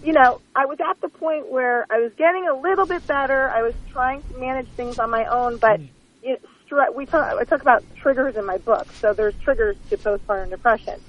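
Woman, phone-in guest, candid, self-mocking, laughing often, slightly high voice, muffled line. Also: brisk. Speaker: author and guest. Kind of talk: phone-in interview, casual storytelling.

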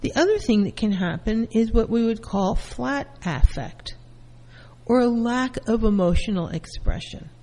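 A woman therapist giving a calm lecture, explaining terms through everyday first-person examples. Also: fairly high pitch, measured pace, in a large hall, rough recording. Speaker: therapist teaching.

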